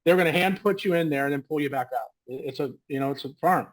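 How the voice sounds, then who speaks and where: A man's voice: on the high side, fast talker, rough recording. A man hosting a casual interview, asking long, searching questions in a conversational way. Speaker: interview host.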